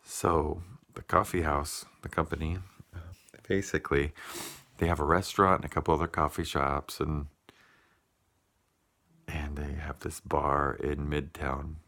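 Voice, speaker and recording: A man telling a heartfelt personal story in a vlog, unhurried, with many pauses and fillers. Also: a bass voice, flat delivery, bright, forceful tone. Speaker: vlogger.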